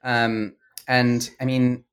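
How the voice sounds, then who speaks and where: A man's voice: medium pitch, level tone, slow pace, fairly bright tone, smooth. A man interviewing an author in a casual conversation, speaking tentatively.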